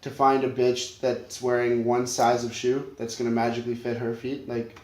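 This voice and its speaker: A man's voice: mid-range voice, monotone, moderate pace, a little mellow. A man co-hosting a podcast who gives blunt, sarcastic, profane opinions in casual chat. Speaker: podcast co-host. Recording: echoey room with faint ambience.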